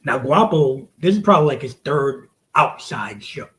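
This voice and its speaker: A man with a voice of middle pitch, spinning a profane story as a guest on a podcast. He talks casually and animatedly, acting out quotes and dropping into whispers for effect. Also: sing-song, moderate pace, a bit bright.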